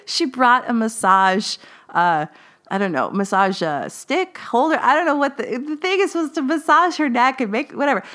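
A woman's voice: on the high side, fairly bright tone. A woman hosting her own podcast, telling a personal story in a chatty way, laughing often and checking in with "right?". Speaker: podcast host.

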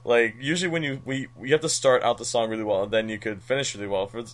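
A man's voice: medium pitch, fairly even intonation, quick pace. A man co-hosting a podcast, chatting casually and often restarting his sentences. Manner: chatty, many restarts and fillers. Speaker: podcast co-host. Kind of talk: casual chat.

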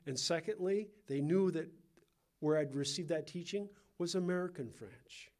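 A man with a Californian accent, teaching a Bible passage in a relaxed, conversational sermon with asides and questions to the listeners. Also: on the high side, moderate pace. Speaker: pastor.

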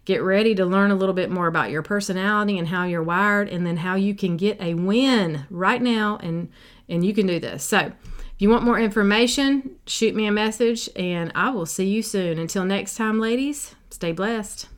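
A woman's voice: mid-range voice, normal speed. Bubbly woman podcast host. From South Carolina, USA. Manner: bubbly, chatty, silly and sassy, lots of "like". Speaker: podcast host and life coach. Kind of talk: casual solo podcast chat. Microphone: podcast microphone.

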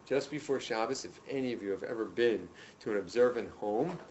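A man teaching a class, telling stories in an animated, emphatic way and addressing the students directly. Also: on the low side, fairly quick, dull audio, a little hiss or hum. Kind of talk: lecture to a class. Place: room with students.

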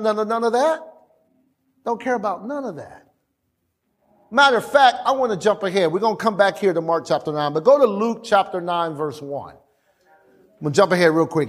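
A man preaching a sermon in an animated, conversational way, with laughing asides. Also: sits high.

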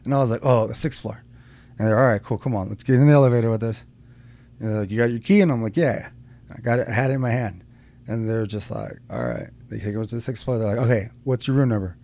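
A man's voice: mid-range voice, expressive, quick pace, warm tone. A young man co-hosting a podcast, telling a long personal story in casual chat, rambling with fillers and frequent swearing. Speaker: podcast co-host.

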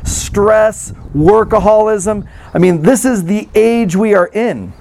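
A man's voice: high voice, takes it slowly, gravelly, darkish tone, slight background noise. A man giving a casual, conversational sermon and reading scripture, self-deprecating and given to acting out mocking replies. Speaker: pastor.

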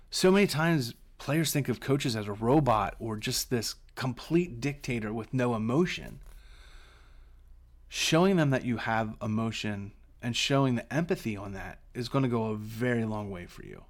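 A man's voice: mid-range voice, moderate pace. A middle-aged man hosting a solo podcast, teaching coaches in an earnest way and often repeating a word as he starts a phrase.

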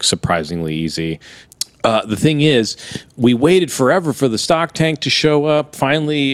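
A man co-hosting a comedy podcast, telling a story in a relaxed, rambling way. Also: on the low side, no echo. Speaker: podcast co-host. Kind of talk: casual storytelling chat.

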